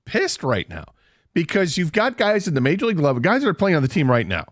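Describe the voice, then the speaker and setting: A man's voice: a little high, wildly swooping pitch, quick pace, no echo, studio quality. Emphatic male sports radio co-host. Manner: emphatic, builds points with repetition. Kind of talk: sports talk radio banter. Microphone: studio broadcast mic.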